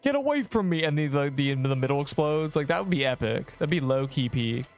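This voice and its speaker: A man commentating his gameplay on a livestream, excitable, laughing often and rambling through asides. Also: medium pitch, fairly quick, soft background music.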